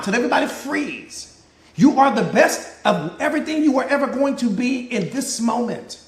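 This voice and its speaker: A man's voice: very high voice, big pitch swings, moderate pace, gravelly, roomy sound. A man, a life coach, giving an emphatic live-stream motivational talk with a repetitive, preacher-like cadence.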